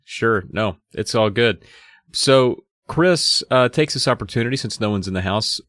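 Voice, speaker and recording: A man with a lowish voice hosts a casual book discussion podcast, retelling the story and reading excerpts aloud at a normal speed. He gives the characters lively voices, and the recording has no echo.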